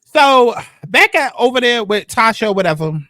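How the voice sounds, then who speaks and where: Animated, blunt woman recapping a TV episode. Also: moderate pace, no echo, studio quality. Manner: animated, blunt and profane, with sudden jumps in pitch. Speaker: TV recap host. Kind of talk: casual episode recap commentary.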